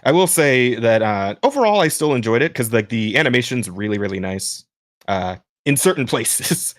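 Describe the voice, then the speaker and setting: A man with a smooth voice hosts a podcast in loose, casual chat at a middle pitch. He talks in rambling runs full of restarts and fillers, often laughing mid-sentence. The recording is dry, with no room sound. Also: expressive, normal speed, no echo. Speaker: podcast host.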